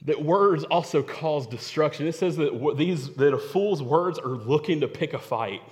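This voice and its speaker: A man's voice: fairly high pitch, moderate pace, a little mellow. Preaching man in a reverberant hall. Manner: storytelling, repeats phrases for emphasis. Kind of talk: sermon.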